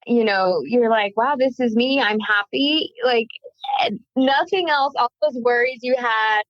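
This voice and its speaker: A woman's voice: a little high, measured pace, no echo. Earnest woman guest, muffled recording. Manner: earnest and reflective. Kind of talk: casual conversational chat.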